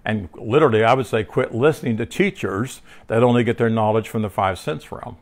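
A man with a somewhat low voice teaches scripture in a loose, conversational way. He stumbles and restarts his sentences often, wanders into personal anecdotes and keeps asking his listener for agreement. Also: fairly quick. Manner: rambling, frequent restarts and filler words; tells personal stories mid-teaching. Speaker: Bible teacher.

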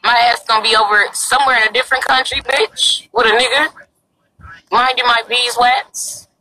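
A young woman livestreams from an open parking lot, her phone held out at arm's length. Her voice sits on the high side with a bright, forceful edge, and she swings it widely as she begs and curses at her viewers. A faint hiss of the outdoors runs underneath. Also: fairly even intonation, normal speed, rough recording. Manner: brash, crude and pleading. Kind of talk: casual live-stream chat.

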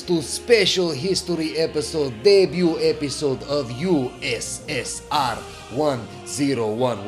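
A man putting on an exaggerated Russian accent to play a grand, theatrical male show announcer. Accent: put-on Russian. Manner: grand, booming, theatrical delivery.

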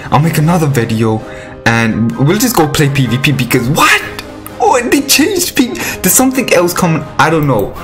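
Excitable man squealing over gameplay. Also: moderate pace, faint music behind. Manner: excitable, jumps into high squealing outbursts; pleading and chatty toward viewers. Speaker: mobile game YouTuber. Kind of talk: live gameplay commentary.

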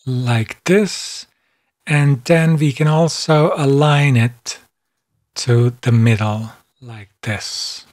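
A man calmly narrating a screen-recorded software tutorial, step by step. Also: mid-range voice. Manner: calm, step-by-step, unhurried. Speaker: software instructor.

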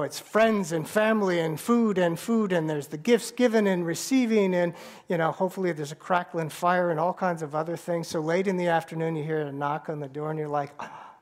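A man preaching a sermon as pastor, bantering with the congregation and telling a story with halting restarts. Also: high-pitched. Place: church sanctuary.

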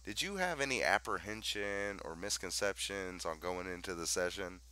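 A male interview host with a fairly low voice that moves up and down a lot. His tone is bright and forceful, recorded dry and close to the mic. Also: lively intonation, moderate pace, rough recording.

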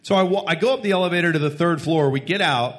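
A radio host with a Texan twang tells a story live, his voice sitting a little high. He acts out every quote, with a lot of laughs. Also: fast, a bit bright.

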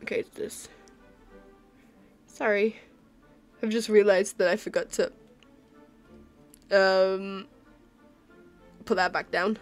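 A woman's voice: medium pitch, fairly even intonation, slow pace, long pauses. Woman, streamer, tired, rambling casual chat, self-deprecating, giggly, faint music behind. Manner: rambling, self-deprecating, apologetic, laughs often. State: tired and yawning. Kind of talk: casual chat while drawing.

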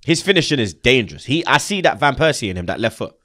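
A young man talks football in casual, animated banter. He is full of slang and swearing, and laughs freely. His mid-pitched voice is recorded close and dry. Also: fast, no echo. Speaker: football channel host.

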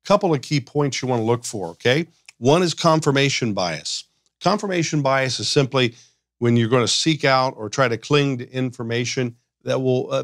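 A man speaking as a counselor on a podcast discussion, animated, often acting out the voices of the people he quotes. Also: medium pitch, dry recording, studio quality.

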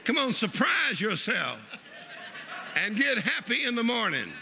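A preacher, delivering an exuberant sermon and leading the congregation in laughter. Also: male voice, very high-pitched, very animated, unhurried, gravelly, background noise. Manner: exuberant, leads the crowd in laughing. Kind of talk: lively sermon.

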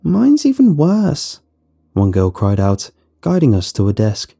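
A man voicing a frightened teenage schoolgirl, high and alarmed. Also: wildly swooping pitch, measured pace, creaky, mellow, slightly rough, full character voice.

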